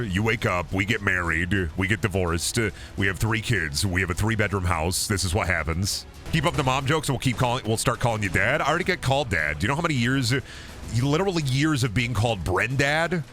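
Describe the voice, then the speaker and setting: A man's voice: mid-range voice, a bit bright. A man streaming a game, rambling and joking crudely with lots of swearing. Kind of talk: casual gaming stream chatter.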